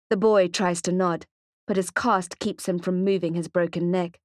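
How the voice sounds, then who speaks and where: A woman narrating a thriller audiobook in a measured, steady way, recorded on a close microphone in a studio. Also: on the low side, no room sound. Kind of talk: scripted narration.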